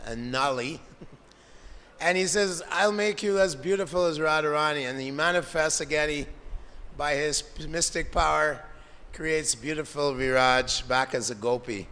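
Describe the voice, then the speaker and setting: A man's voice: fairly high pitch, bright, forceful tone, clean tone. A man giving a devotional lecture, narrating scripture stories with quoted dialogue and Sanskrit terms, in a temple hall. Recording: long hall reverb.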